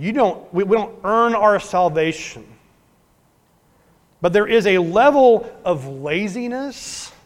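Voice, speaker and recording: A man preaching a sermon as pastor, earnest, swinging from emphatic to hushed. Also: high-pitched. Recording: long hall reverb.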